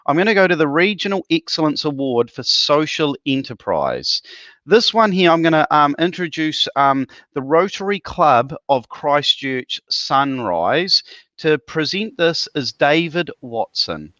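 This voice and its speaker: A man's voice: on the high side, big pitch swings, unhurried, fairly bright tone, dry recording, lo-fi sound. A man hosting an awards ceremony, upbeat and chatty with lots of ums and laughs. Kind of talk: live emcee patter.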